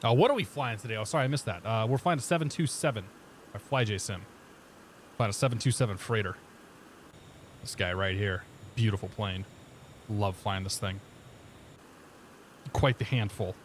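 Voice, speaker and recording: A man's voice: on the low side, normal speed, long pauses, a little hiss or hum. A man with a vaguely Midwestern accent touched by Boston, chatting casually while streaming a flight sim and reading back pilot radio calls. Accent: vaguely Midwestern with some Boston flair. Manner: relaxed, chatty, reads back clearances in pilot radio style.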